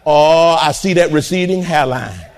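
An older man preaching an impassioned sermon to a church congregation, breaking into shouts and trading call-and-response with the crowd. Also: on the high side, expressive, measured pace, a little hiss or hum.

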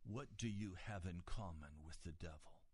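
A man preaching a sermon, explaining scripture deliberately and pausing on key words. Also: low-pitched, breathy edge, no room sound.

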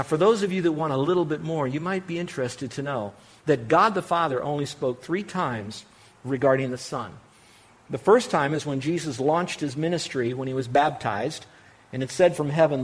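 A man's voice: fairly high pitch, slightly rough. Earnest male pastor preaching. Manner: earnest preaching, acts out prayers, swings between loud and hushed. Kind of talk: sermon.

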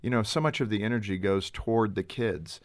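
A man's voice: on the low side, fairly quick. A man hosting an interview, steering the talk with short questions and summaries. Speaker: host.

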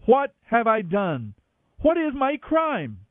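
A man's voice: extremely high pitch, huge pitch swings, takes it slowly, no echo, pitched above the performer's own voice, exaggerated voice. A man reading aloud and voicing a young male warrior who speaks in an impassioned, raised declamation. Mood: pleading. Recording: dry, tinny phone-like radio sound.

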